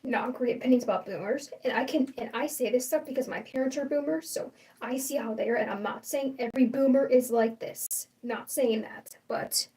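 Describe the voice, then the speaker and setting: A woman's voice: fairly high pitch, moderate pace, warm tone, far from the mic, poor audio. A young adult woman hosting a casual livestream, rambling and opinionated with lots of fillers and restarts. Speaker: livestream host.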